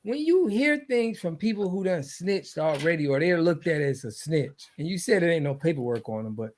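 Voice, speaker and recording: High-voiced, blunt co-host man. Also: animated, moderate pace. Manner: blunt, skeptical, emphatic. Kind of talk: casual hip-hop news chat.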